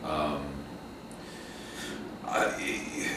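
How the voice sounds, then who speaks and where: A middle-aged man with a very low voice tells his story in a rambling way, full of fillers and false starts. His tone is bright and forceful, recorded off mic in a very echoey room with faint background noise. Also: moderate pace, far from the mic. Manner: rambling, many fillers and restarts. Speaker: interview guest, actor and acting coach. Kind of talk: casual interview conversation.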